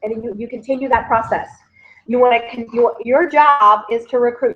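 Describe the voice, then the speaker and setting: A woman, a team leader giving an energetic motivational recap who keeps calling her listeners "guys". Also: on the high side, brisk. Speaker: network marketing team leader. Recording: dull lo-fi sound.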